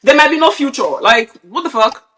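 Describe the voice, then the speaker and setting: A woman's voice: high voice, fairly quick, fairly bright tone. A woman from Nigeria, a podcast co-host, ranting bluntly and with a lot of swearing in casual, opinionated chat. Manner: blunt, profane, heated ranting.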